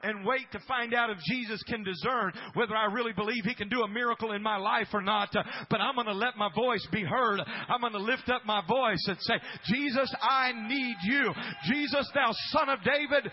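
A man preaching who voices a desperate blind beggar, crying out loudly and insistently. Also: high voice, a little fast, hardly any pauses, dull audio, voice pushed up, natural voice. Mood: pleading loudly. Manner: loud, pleading, insistent. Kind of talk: acted quote in a sermon.

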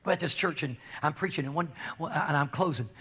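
A pastor preaching, telling a personal story and pressing key lines with slow, emphatic rises. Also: male voice, a little high, sharp tone, husky. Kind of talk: sermon testimony.

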